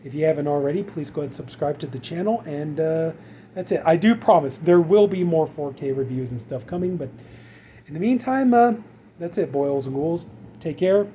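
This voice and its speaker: Male vlog host with a high, mellow voice who rants in a rambling, exasperated way over faint background noise. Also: animated, brisk. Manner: rambling, exasperated, many fillers. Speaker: channel host. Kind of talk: casual vlog rant.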